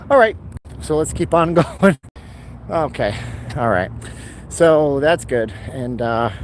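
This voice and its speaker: A man's voice: mid-range voice, darkish tone. Rambling man vlogging by traffic. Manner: rambling, sarcastic asides. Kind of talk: casual live-stream walking vlog. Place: outdoors along busy roads. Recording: outdoor street with traffic noise.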